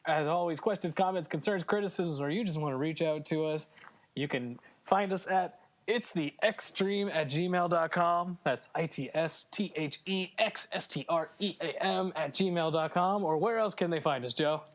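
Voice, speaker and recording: A man's voice: fairly high pitch, moderate pace. A man co-hosting a casual gaming podcast, chatty and joking with frequent fillers. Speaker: podcast co-host. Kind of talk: casual chat.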